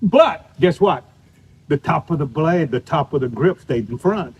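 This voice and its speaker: A man's voice: fairly high pitch, lively intonation, measured pace, husky, low-quality recording. An older man teaching a live golf clinic outdoors, talking in a folksy, storytelling way while he demonstrates shots. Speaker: golf instructor. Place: outdoor golf practice area.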